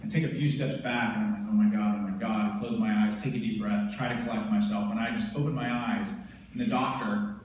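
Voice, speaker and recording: A man's voice: on the low side, fairly even intonation, a little fast, recorded from a distance, slight background noise. A man from the United States, a veteran speaker, intensely and vividly retelling a personal story. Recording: roomy hall from afar.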